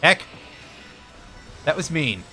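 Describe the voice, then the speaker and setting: A male streamer talks through his game in a dry, self-mocking way and chats with his viewers. His voice sits a bit high and sounds bright and forceful. Game music plays faintly behind him. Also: big pitch swings, slow pace. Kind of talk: live gameplay commentary.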